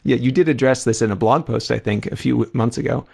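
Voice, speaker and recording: A man's voice: mid-range voice, brisk, vocal fry, darkish tone, husky. A man co-hosting a podcast, reading listener mail aloud in an easygoing, casual way. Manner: easygoing, reads letters aloud.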